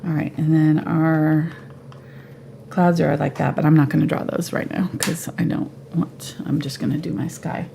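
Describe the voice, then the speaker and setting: A woman giving a live painting tutorial at home, relaxed and thinking aloud as she paints. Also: deep voice, moderate pace, gravelly, a little hiss or hum. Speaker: painting instructor.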